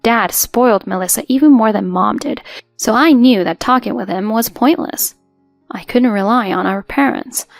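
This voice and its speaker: A woman's voice: on the high side, moderate pace, vocal fry, no echo, soft background music. A woman in her twenties narrating a scripted first-person story in an earnest, hurt way. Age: 20s.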